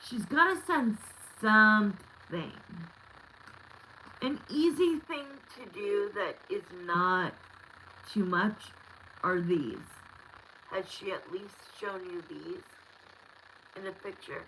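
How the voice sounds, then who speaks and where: A woman's voice: medium pitch, animated, slow, fairly bright tone, a little hiss or hum, rough recording. A woman in her thirties giving a live tarot reading, talking candidly and bluntly with lots of fillers. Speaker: tarot reader.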